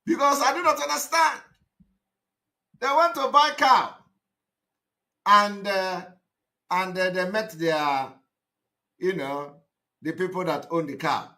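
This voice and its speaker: A man giving a live broadcast monologue, emphatic and repetitive, breaking into shouted outbursts. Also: high-pitched, takes it slowly, long pauses. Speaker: activist broadcaster.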